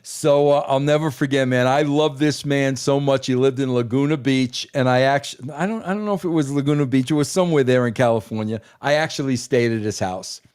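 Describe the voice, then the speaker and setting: A man telling a story on a talk podcast, excitable and emphatic, always addressing the host as "bro". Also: medium pitch, fairly quick, hardly any pauses, clear, resonant tone. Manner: excitable, swears for emphasis, keeps saying "bro". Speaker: guest.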